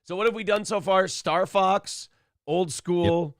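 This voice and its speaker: A man's voice: sits high, a little slow, fairly bright tone, no echo, clean studio sound. A man co-hosting a morning talk show, joking crudely and reading chat comments aloud. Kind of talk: irreverent comedy chat.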